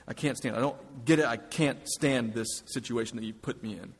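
A man's voice: medium pitch, brisk, husky, in a large hall, close to an everyday voice. A man voicing a sulky, self-pitying prophet within a sermon.

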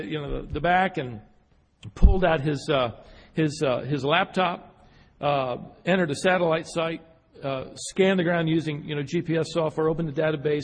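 Man preaching, slightly high voice, husky, halting repeats then emphatic rises, long hall reverb. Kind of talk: sermon with an illustrative story.

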